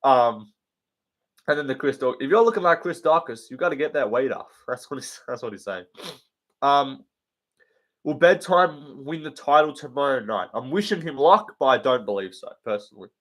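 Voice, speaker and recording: A man's voice: medium pitch, lively intonation, moderate pace, fairly bright tone. A man hosting a casual live show, answering viewer questions in a blunt, sweary and rambling way with many ums and likes. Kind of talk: casual livestream chat.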